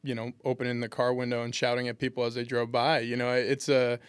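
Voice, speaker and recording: A man's voice: medium pitch, monotone, quick pace, clear, resonant tone, no echo, clean studio sound. A man in his twenties, a pro football lineman, telling laid-back funny stories in an interview with lots of restarts. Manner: laid-back, humorous anecdotes with many restarts. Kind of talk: casual interview storytelling.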